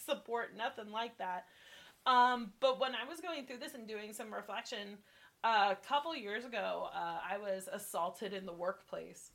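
A woman's voice: on the high side, a bit bright. A woman co-hosting a podcast, telling a personal story in a candid, reflective way. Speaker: podcast co-host. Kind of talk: casual chat.

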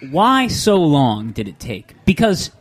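A young man in his twenties hosting a comedy podcast. He rambles and swears, breaking off and restarting his sentences, with a voice slightly high for a man. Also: wildly swooping pitch, takes it slowly, a little hiss or hum. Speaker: podcast host. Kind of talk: casual comedic podcast chat.

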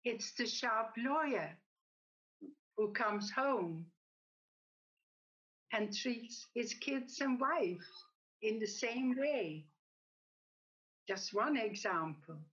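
A woman giving a reflective talk in a measured, gently explanatory way. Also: on the high side, animated, muffled recording. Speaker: speaker. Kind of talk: reflective talk with a told joke.

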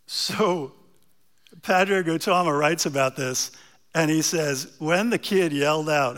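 A man preaching a sermon, telling a story with animated emphasis and asides to the congregation. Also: on the high side, unhurried.

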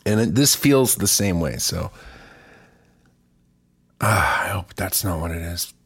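A man with a cough talks casually as a musician hosting his song club, rambling, joking and swearing freely. His voice sits low but swings widely in pitch. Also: expressive, slow pace, fairly bright tone, slightly rough. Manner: rambling, profane, jokey. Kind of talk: casual livestream chat.

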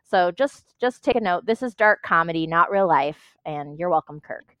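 A woman hosting a podcast, moderating the discussion briskly and handing over to others. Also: on the low side, lively intonation, no echo, dull audio. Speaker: podcast host.

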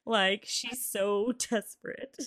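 A woman co-hosting a show recap, talking in an emotional, animated way with many fillers. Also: medium pitch, slow pace, dry recording, clean studio sound. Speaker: podcast co-host. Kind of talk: casual recap chat.

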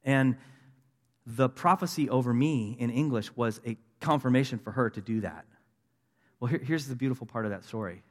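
A man's voice: medium pitch, moderate pace. A man in his fifties telling his conversion story as a sermon, earnest and building to emphatic declarations. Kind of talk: testimony sermon. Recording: long reverb of a large hall.

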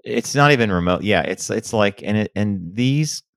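Middle-aged male co-host with a very deep, expressive voice, recorded dry and close; spins anecdotes and plays out the lines in them. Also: moderate pace, gravelly, no echo. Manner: animated storyteller, acts out quotes. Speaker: podcast co-host. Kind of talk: casual chat.

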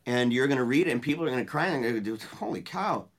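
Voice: medium pitch, rapid-fire. Earnest speaker telling a painful story. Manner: earnest and emotional, dropping to a hushed voice when retelling words of comfort; loose spoken style with restarts and colorful phrases. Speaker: guest speaking at a book release party. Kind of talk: heartfelt personal storytelling.

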